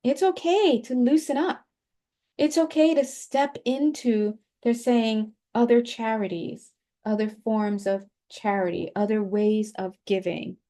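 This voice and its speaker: A woman's voice: a little high, steady tone, measured pace, warm tone. A woman giving a casual spiritual tarot reading, chatty, laughing often and stretching out words for emphasis. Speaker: tarot reader.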